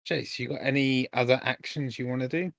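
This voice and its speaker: A man playing a tabletop game, calm and practical about the rules. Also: mid-range voice, brisk, gravelly, no room sound, clean studio sound. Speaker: player.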